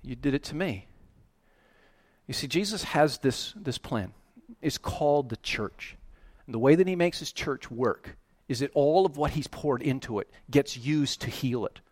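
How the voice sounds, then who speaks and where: A man preaching a sermon, animated and emphatic, often rising to loud, excited peaks. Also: mid-range voice, a little slow, no room sound. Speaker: pastor.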